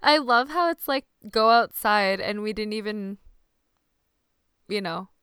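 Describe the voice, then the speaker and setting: A woman's voice: medium pitch, animated, a little slow, a bit bright, clear, resonant tone, no room sound, studio quality. A woman co-hosting a podcast in casual chat, laughing often and filling with "like". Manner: laughs often, says "like" a lot. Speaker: podcast co-host.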